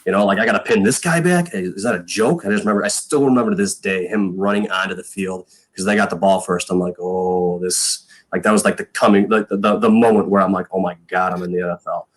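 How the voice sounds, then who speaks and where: A man's voice: low voice, steady tone, quick pace, hardly any pauses. A man in his thirties, a former punter guesting on a podcast, telling stories in a rambling way full of fillers and quoted lines. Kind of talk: casual storytelling chat.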